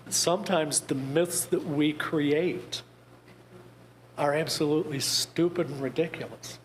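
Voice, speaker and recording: A man talks to a group in a conversational, wry way, dropping in jokes. His voice sits a little high. The room is echoey, with a faint hiss underneath. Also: measured pace. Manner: wry, conversational, joking asides. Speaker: grief presenter. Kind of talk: talk to a group. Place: church meeting room.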